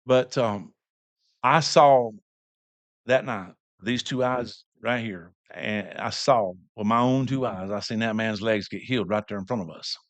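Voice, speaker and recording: A man's voice: on the low side, unhurried, no room sound. An older man giving a personal church testimony, telling the story in a rambling way with many restarts.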